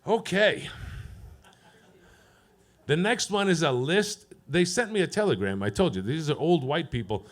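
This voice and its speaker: A man doing a profane stand-up set at an open mic, deadpan and teasing the crowd. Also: fairly high pitch, moderate pace. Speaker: stand-up comedian. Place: comedy club stage.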